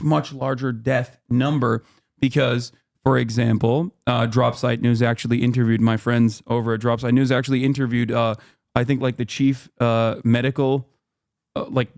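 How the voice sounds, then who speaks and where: A man in his thirties hosting a livestream, explaining at length in a heated, profane way, full of fillers and restarts. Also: medium pitch. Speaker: streamer host.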